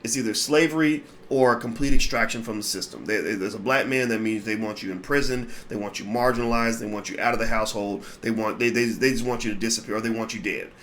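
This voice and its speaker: A man's voice: on the low side, fast, hardly any pauses, a bit bright, slight background noise. A man hosting a commentary channel, delivering an emphatic, blunt monologue and often repeating words as he starts his sentences.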